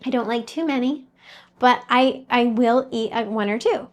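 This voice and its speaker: A woman's voice: fairly high pitch, moderate pace. A woman talking as a mindset coach, giving an earnest, conversational motivational talk straight to the listener.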